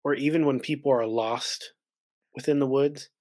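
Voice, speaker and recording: A man's voice: medium pitch, fairly even intonation, normal speed, darkish tone, no echo, studio quality. A man hosting a podcast interview, chiming in with short affirmations and then reflecting casually. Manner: brief affirmations and laughter. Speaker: podcast host.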